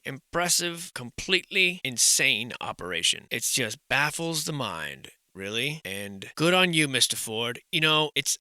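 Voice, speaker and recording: A man's voice: mid-range voice, sharp tone, smooth, no room sound, studio quality. A man giving casual, sarcastic commentary over old building photos, swearing and full of incredulous asides. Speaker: commentary channel host.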